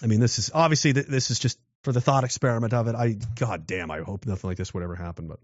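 A man's voice: on the low side, fast, dry recording, highs cut off. Guy ranting through a political monologue, keeps restarting, dead dry sound. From Canada. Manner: rambling, with frequent restarts and rhetorical questions. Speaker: commentator.

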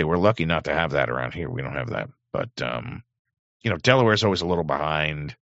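A man's voice: a bass voice, vocal fry, a bit bright, no echo, muffled recording. A middle-aged man hosting a livestream, reading chat aloud in a sardonic, rambling way with many fillers. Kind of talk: casual livestream commentary.

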